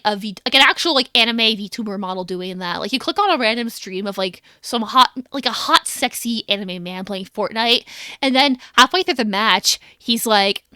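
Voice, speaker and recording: A woman's voice: a little high, pushed and bright, smooth, no echo, studio quality. A young adult woman streaming as a VTuber, chatting casually and animatedly and laughing often.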